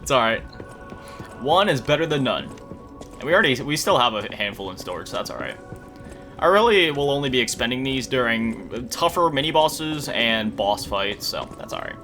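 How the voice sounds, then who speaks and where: Man, gaming commentary, casual and self-mocking, tired, animated pitch, game music behind. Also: normal speed. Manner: chatty, self-deprecating, laughs often. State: tired, yawning. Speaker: gaming YouTuber. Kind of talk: casual let's-play commentary.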